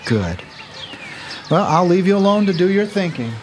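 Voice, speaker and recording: A patient, reassuring father in a family audio drama. His voice rises and falls with lively warmth as he explains things gently. Faint hiss runs behind him. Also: high-pitched, normal speed. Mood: gentle.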